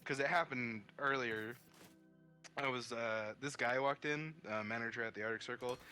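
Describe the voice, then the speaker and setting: A man with a bright, forceful voice trades work stories on a livestream, swearing often and acting out both sides of each exchange. His pitch is middling. Faint music plays behind him. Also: moderate pace. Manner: swears, tells anecdotes, acts out dialogue. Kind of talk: casual chat on a livestream.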